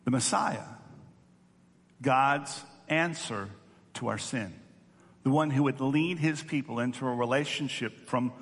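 A man's voice: mid-range voice, creaky. A male pastor giving an earnest teaching sermon, often repeating words as he restarts. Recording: long hall reverb.

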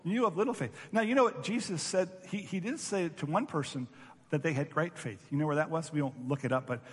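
A man preaches a sermon, his voice a touch high and breathy-husky. He tells stories with animation, stopping now and then to act out the people in them. The reverb of a large hall trails after each phrase. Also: a little fast. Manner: animated storytelling, acting out voices with laughs. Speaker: pastor.

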